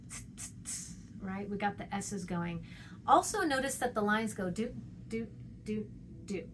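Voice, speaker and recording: A woman's voice: mid-range voice, a little hiss or hum. A woman teaching a poetry lesson, chatty, checking in with "okay?" and "right?", and sounding out rhythms with playful noises.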